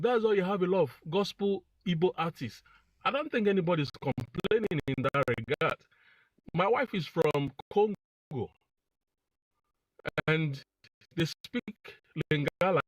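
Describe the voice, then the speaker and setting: Male caller from Nigeria, casual and halting, dry close sound. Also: high-pitched, no echo, low-quality recording. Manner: halting, repeats words, uneven emphasis. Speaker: caller in a live discussion. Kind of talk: casual opinion talk.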